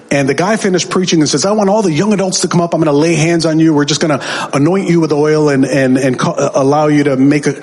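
Man preaching, fairly high voice, storytelling testimony, acts out quoted voices, emphatic peaks, long hall reverb. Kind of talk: sermon testimony.

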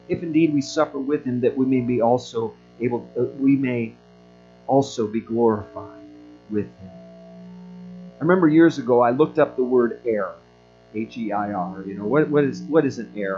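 A man preaching a sermon from a church, earnest and building to forceful high moments. The sound is a little muffled, with a soft plucked guitar playing underneath. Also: moderate pace. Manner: earnest, rising to emphatic peaks. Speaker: pastor.

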